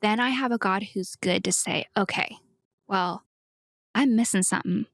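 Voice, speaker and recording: A woman sharing a personal faith story in a casual discussion. She speaks earnestly, acts out the quotes she tells, and sometimes drops to a soft whisper. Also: mid-range voice, moderate pace, no echo, studio quality. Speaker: podcast guest.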